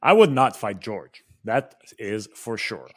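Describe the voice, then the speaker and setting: A man's voice: fairly low pitch, sing-song, slow pace, no room sound, studio quality. A young man, a guest on a casual sports talk show, who speaks with animation, states strong opinions and corrects himself often. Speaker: podcast guest.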